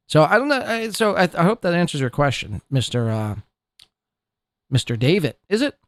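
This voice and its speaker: A man's voice: a little high, animated, normal speed, no echo, studio quality. A man hosting a podcast, ranting mockingly and profanely about people in a clip he plays. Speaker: podcast host. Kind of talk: ranting commentary over a played clip.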